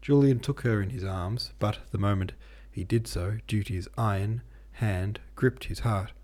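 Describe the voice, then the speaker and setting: Male host-narrator for a classic novel, measured delivery, low and warm. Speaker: podcast host and reader. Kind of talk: audiobook reading of a classic novel.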